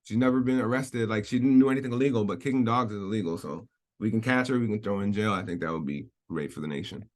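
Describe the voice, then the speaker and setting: A commentary vlogger reads out a news article in a lowish voice, talking fast and adding casual commentary. He rambles and repeats himself, laughs often and keeps breaking off to hedge his points.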